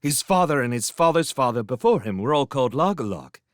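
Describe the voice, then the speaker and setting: A man voicing a cheeky, loud female shrew who chats and boasts in a storybook reading. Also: on the high side, very animated, a little slow, no room sound, studio quality, pitched above the performer's own voice. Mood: chatty. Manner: chatty, boastful.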